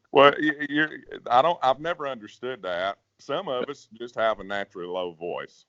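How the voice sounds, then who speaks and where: A man who sings bass, talking folksy and casual in an interview, often repeating words. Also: lively intonation, normal speed, few pauses, a bit bright, dry recording. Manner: folksy, repeats words, drops to a growl to demonstrate. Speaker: professional bass singer, guest. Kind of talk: casual interview, giving singing advice. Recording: dull, dry sound.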